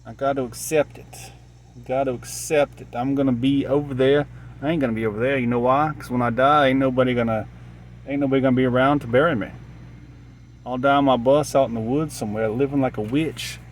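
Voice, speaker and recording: A man's voice: medium pitch, fairly even intonation, brisk, a little hiss or hum. Rambling man musing outdoors. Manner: meandering, musing, repeats himself. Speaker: vlogger. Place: outdoors by a gas station.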